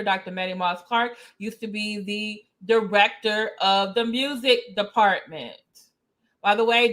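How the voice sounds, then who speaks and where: A woman's voice: mid-range voice, a bit bright. A woman talking casually as a commentary vlogger, greeting viewers and reading definitions aloud.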